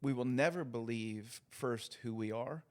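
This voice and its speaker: A man's voice: medium pitch, unhurried, darkish tone. Male co-host, faith podcast, reflective and teacherly, repeats phrases. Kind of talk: casual faith podcast chat.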